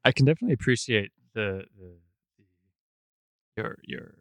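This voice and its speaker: A man's voice: mid-range voice, animated, normal speed, dry recording. A man chatting casually on a podcast, hesitant and full of stammered restarts. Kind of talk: casual chat.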